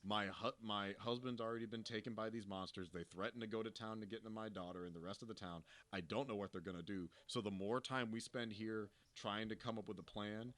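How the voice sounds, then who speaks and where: A man co-hosting a casual movie review chat, speaking quietly and thoughtfully as he analyzes a character's choices. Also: lowish voice, steady tone, a little fast, hardly any pauses. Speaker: co-host of a film review show. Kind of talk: casual spoilery movie discussion.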